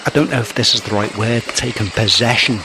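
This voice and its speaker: A man's voice: lowish voice, a little fast, background noise. A man from Merseyside in England reporting nervously and earnestly on a paranormal investigation inside an abandoned asylum at night. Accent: English, Merseyside. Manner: nervous, earnest, repeats phrases. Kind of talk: on-location report.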